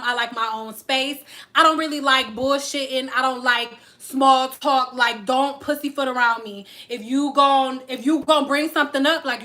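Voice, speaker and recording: A woman's voice: sits high, sharp tone. A young adult woman vlogging in a casual, frank and profane way, acting out the people she talks about. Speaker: hair care vlogger. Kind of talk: casual chat to camera.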